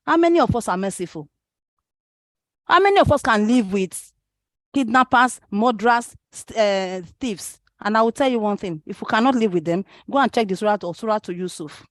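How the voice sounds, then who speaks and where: A woman's voice: a little high, fairly quick, no room sound, clean studio sound. A woman from Nigeria with a Nigerian accent, giving an impassioned religious talk to parents, exhorting the audience with rhetorical questions and slipping Arabic and Yoruba phrases into her speech.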